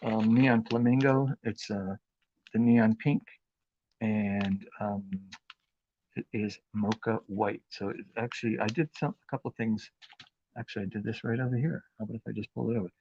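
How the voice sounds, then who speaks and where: A man hosting a live craft demonstration, talking in an unhurried, chatty way with plenty of fillers as he works with his hands. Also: on the low side, steady tone, a little mellow, dull audio, slight background noise. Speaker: craft demo host.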